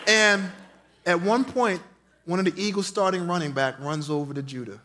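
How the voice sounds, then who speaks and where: A high, bright man preaching in church. He tells stories animatedly and rises from quiet asides to loud calls. His delivery is lively and forceful. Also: normal speed. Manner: animated storytelling preacher, swings from loud to hushed. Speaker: pastor. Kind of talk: sermon.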